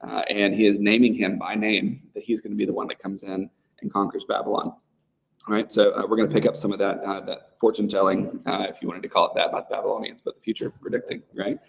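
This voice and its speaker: Gravelly low-voiced man teaching Bible study. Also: flat delivery, fast talker, muffled recording. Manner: conversational, often checks in with "right?". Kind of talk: casual teaching to a small group. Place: church room with a men's group.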